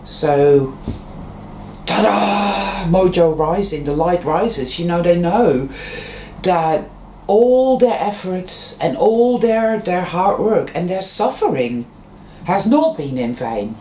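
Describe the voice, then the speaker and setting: A vlogger talking in a casual, rambling monologue, full of fillers and restarts, and telling stories with sudden jumps in pitch. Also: animated, takes it slowly, mellow, a little hiss or hum. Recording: roomy echo.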